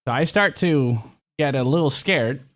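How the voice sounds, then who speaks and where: A man's voice: medium pitch, moderate pace. A young man chatting casually on a livestream, rambling and swearing freely. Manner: excitable, swears a lot, rambling.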